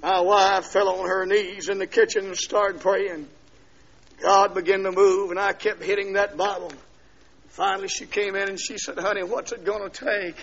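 An older man preaching at a church service, telling his conversion story as a testimony and breaking into loud shouted preaching. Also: high-pitched, little pitch movement, moderate pace, dull audio. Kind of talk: revival sermon testimony.

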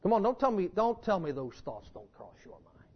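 A man preaching a sermon in a church, with fervent emphasis that swings between loud declarations and low, intense passages. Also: big pitch swings, a little fast, breathy edge. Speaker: pastor. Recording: dull lo-fi sermon recording.

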